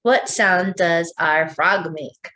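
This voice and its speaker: A woman, a children's librarian, leading a preschool storytime with songs, animal sounds and a picture book read aloud in a slow, sing-song, coaxing way. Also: lowish voice, pushed and bright, slight background noise.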